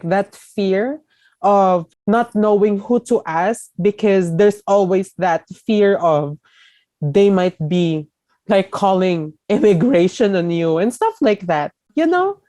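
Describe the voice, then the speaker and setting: A woman's voice: mid-range voice, slow, mellow, dry recording. A young woman from the Philippines with a Filipino accent, talking openly and with feeling as a podcast guest. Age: young adult. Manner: emotional, laughing through tears. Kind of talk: conversational interview.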